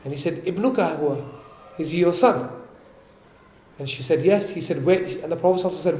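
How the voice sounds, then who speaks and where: A man giving a religious talk, explaining points and asking his listeners questions, reciting Arabic quickly before translating it. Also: a little high, a little mellow, roomy sound, a little hiss or hum. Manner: explains and asks the audience questions. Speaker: religious teacher. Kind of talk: sermon. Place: event hall.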